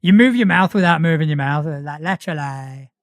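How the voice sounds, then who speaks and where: A man from the north of England with a northern English accent, hosting a casual chat and talking in halting bursts, with restarts and swearing. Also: on the high side, no echo, studio quality. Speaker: podcast host.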